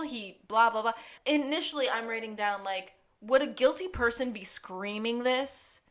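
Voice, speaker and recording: Recapping scenes on a laid-back rewatch podcast, this female co-host performs the characters' lines and breaks into frequent laughter. Her voice sits a little high, and she talks at an ordinary pace.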